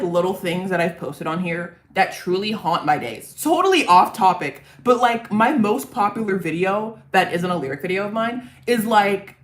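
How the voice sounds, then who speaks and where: Rambling, self-mocking woman streamer. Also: medium pitch. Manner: rambling, self-deprecating, easily amused. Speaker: parody songwriter and streamer. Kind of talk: casual livestream chat.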